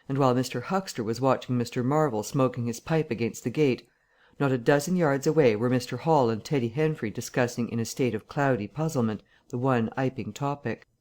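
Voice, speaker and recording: An audiobook narrator reading a classic novel in a steady, even storytelling manner. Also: medium pitch.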